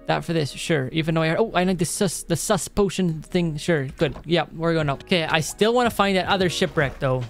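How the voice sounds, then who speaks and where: A man giving casual gameplay commentary, excitable, talking to himself and his viewers, gasping and groaning as he plays. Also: fairly high pitch, a little fast, creaky, few pauses, faint music behind. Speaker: Minecraft let's player.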